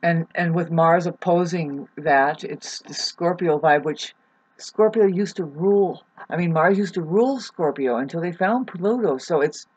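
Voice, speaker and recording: A woman in her forties giving a casual, rambling astrology talk, halting often with fillers and restarts. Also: on the low side, a little mellow, husky, muffled recording. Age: 40s. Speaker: astrology vlogger.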